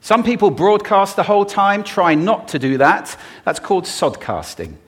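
On stage before a live audience, a man with a slightly high voice gives a playful, expressive talk, demonstrating vocal techniques as he goes.

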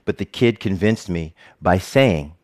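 Middle-aged male speaker, earnest storyteller with lively pitch and jokey asides. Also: a little slow. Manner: animated, earnest, with joking asides. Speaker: speaker giving a talk. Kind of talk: personal storytelling talk.

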